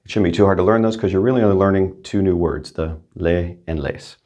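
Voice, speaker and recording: Deeper-voiced male teacher, patient lesson delivery that keeps asking the learner "okay?". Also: fairly quick, mellow. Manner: patient, checks in with "right?" and "okay?". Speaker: Spanish teacher. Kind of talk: explaining grammar to learners.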